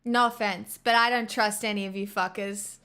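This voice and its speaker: A woman's voice: medium pitch, steady tone, normal speed, sharp tone, clean tone. An Australian woman streaming, chatting casually with viewers in a blunt, rambling way and swearing often. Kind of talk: casual chat reading viewer messages.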